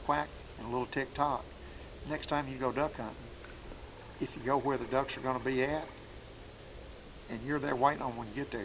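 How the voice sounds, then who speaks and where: Demonstrating calls in a folksy, plain way, a duck call instructor leads an outdoor hunting lesson in the woods. His voice sits at medium pitch with a steady tone and a fairly quick pace, and there's noise in the background.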